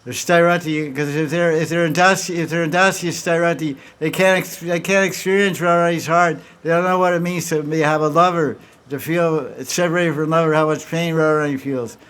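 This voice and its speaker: A man's voice: a little high, fairly even intonation, a little fast, few pauses, fairly bright tone, clear, resonant tone. A man giving a devotional talk, telling stories and acting out the characters' dialogue, with many restarts. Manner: acts out dialogue between characters in storytelling; frequent restarts and repeated words. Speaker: spiritual teacher.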